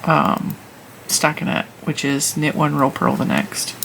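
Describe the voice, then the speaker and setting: A woman's voice: low voice, very animated, unhurried, creaky, a bit bright, a little hiss or hum, low-quality recording. A woman hosting a knitting channel, chatting casually and rambling off on tangents as she reviews yarn while she knits. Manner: chatty, rambling, laughs at herself. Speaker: knitting and crochet channel host.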